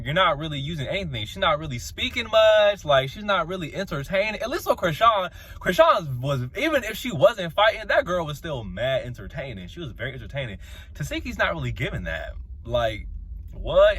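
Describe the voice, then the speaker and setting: A man hosting his channel, giving a sassy, slangy, dramatic recap of a reality show episode, with sudden high squeals. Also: pushed and bright, breathy edge.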